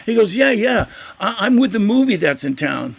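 An older man with a gravelly, rough-edged voice that sits a little high for a man. He tells his story as a guest in a casual interview. He is animated and acts out the voices of the people he talks about. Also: moderate pace. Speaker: guest musician.

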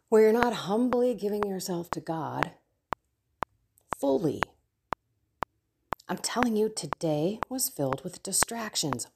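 A woman's voice: mid-range voice, background noise. Earnest middle-aged woman sharing her faith. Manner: earnest, personal testimony with soft asides. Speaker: Catholic podcast host. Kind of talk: reflective faith talk.

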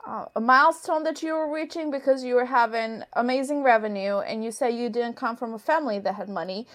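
A woman's voice: a little high, brisk. A woman interviewing a guest, asking probing questions in a chatty way full of fillers.

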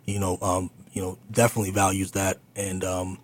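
A man's voice: sits low, completely flat delivery, a little fast. A man hosting a community radio talk show, speaking in a chatty, affirming way with many fillers and restarts.

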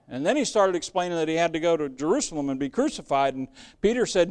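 A man's voice: fairly high pitch, expressive, fast, darkish tone, smooth. A man preaching a sermon in a conversational, earnest way, often restarting his sentences.

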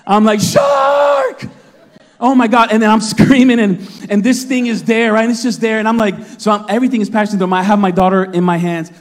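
A man in his thirties preaching a sermon, telling a story with lots of laughter and acted-out shouts. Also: sits high, quick pace, few pauses, long reverb tail. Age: 30s. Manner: animated storytelling, laughing often, acting out his own shouts. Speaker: pastor.

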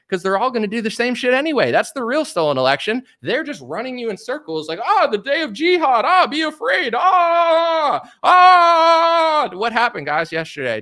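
A young man delivering a heated political rant as a commentator, animated and repeating himself, sometimes mocking others in put-on voices. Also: high-pitched.

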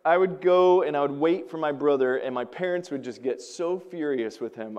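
A male pastor preaching a sermon, telling stories with animation and swinging between loud emphasis and quiet asides. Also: fairly high pitch, moderate pace, hardly any pauses, clear, resonant tone.

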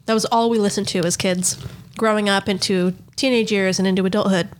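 A woman co-hosting a podcast, telling stories in a casual, animated way and laughing often. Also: medium pitch, fairly quick. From Southern California. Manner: animated storytelling with frequent laughs. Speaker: podcast co-host. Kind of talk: casual chat.

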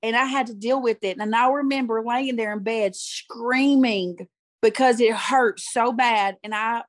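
A woman's voice: a little high, fairly even intonation, measured pace, dry recording. A middle-aged woman and youth pastor telling her personal story in conversation, earnest and emotional, repeating phrases for emphasis.

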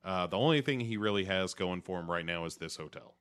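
A man's voice: deep voice, lively intonation, fairly quick, fairly bright tone, smooth. A man co-hosting a podcast, recapping in a laid-back casual chat and dropping into playful silly voices. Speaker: podcast co-host.

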